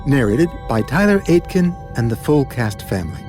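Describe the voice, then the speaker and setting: A man announcing the title and credits of an audiobook in slow, measured delivery. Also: medium pitch, big pitch swings, a little mellow. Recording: announcement with music behind.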